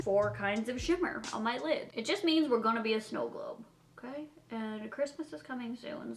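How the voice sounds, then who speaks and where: Young female beauty vlogger, gushing and giggly, slightly high voice, music playing underneath. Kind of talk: casual makeup tutorial chat.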